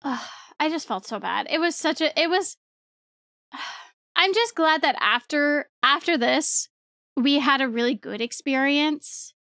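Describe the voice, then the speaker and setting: Telling stories to her stream chat, a young woman rambles unhurriedly in a high, bright voice, excitable, swearing offhand and often laughing. The audio is close and dry with no room echo at all.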